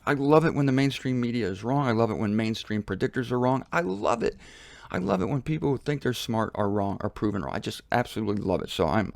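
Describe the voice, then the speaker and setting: A man hosting his own show, giving a casual commentary from a laundry room in an animated, mocking way, swinging from low mutters to high exclamations. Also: gravelly, no echo. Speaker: Bible teacher and show host. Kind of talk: casual self-filmed commentary.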